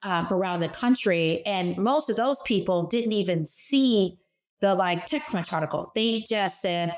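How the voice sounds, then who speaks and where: A middle-aged woman speaking as a guest in an interview, telling lively personal stories from her working life. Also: medium pitch, a little slow. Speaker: guest, former startup CEO. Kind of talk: conversational interview.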